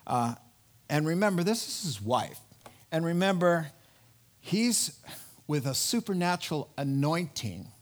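A man preaching a sermon, telling a Bible story with animated energy and acting out the characters' lines. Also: on the high side. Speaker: pastor.

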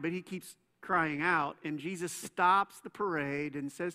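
A man preaching a sermon as a pastor, conversational and playful, telling stories with quick asides. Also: high-pitched, pushed and bright. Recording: long reverb in a church hall.

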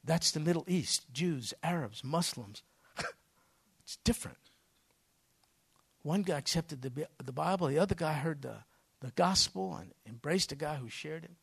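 A man's voice: on the high side, animated, normal speed, creaky, long pauses, slightly rough. A man preaching a sermon from the pulpit, telling stories with folksy phrasing and sudden bursts of emphasis. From United States. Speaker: pastor.

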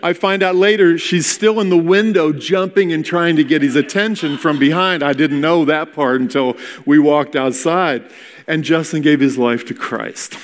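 A middle-aged man, a pastor, preaching and telling a story in an animated way, acting out the dialogue and moving between loud and hushed moments. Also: a little high, normal speed. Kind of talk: sermon storytelling. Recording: long reverb of a large hall.

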